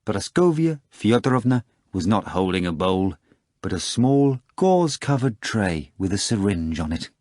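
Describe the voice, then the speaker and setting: Brief: male audiobook narrator, lowish pitch, dry studio read, measured. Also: very animated, darkish tone, no echo. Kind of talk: scripted narration.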